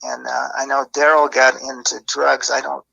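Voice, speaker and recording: Man, interview guest, gravelly voice, bright edge, rambling recollection. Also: mid-range voice, little pitch movement, normal speed, muffled recording. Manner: rambling, self-correcting recollection. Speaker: former football scout and guest. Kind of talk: interview reminiscing.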